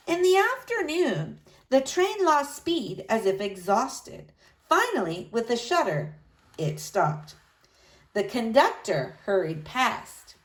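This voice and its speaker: A woman narrating a storybook aloud in an expressive, dramatic way. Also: on the high side, slow pace.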